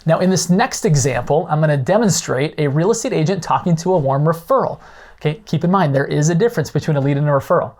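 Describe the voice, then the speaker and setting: A man's voice: fairly high pitch, fast, a little mellow. A man hosting an instructional podcast, explaining ideas in a conversational way with frequent checking-in questions. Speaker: podcast host. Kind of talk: instructional monologue.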